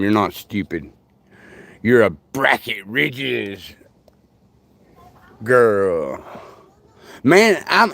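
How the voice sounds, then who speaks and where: Folksy, meandering stories come from an older man chatting casually with viewers on his livestream. His pitch is medium, and the audio carries no room sound.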